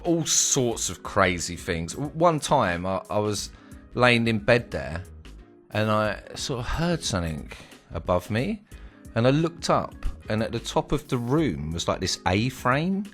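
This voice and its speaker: A man telling a casual, slangy story from his travels on his vlog. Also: on the low side. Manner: animated, slangy, swearing storyteller.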